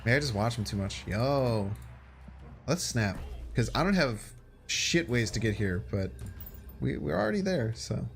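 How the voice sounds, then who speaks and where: Chatty Chicago-accented streamer, lively pitch. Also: male voice, measured pace, creaky. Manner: chatty, thinks aloud and talks to chat. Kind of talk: casual gaming stream commentary.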